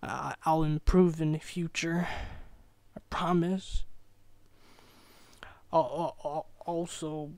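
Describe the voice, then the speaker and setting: A young man rambling through casual commentary in a slow, low-energy drawl, tripping over repeated words and apologizing often. His voice is mellow and dark, recorded dry on an old cheap microphone. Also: little pitch movement, dry recording, poor audio. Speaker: amateur commentator.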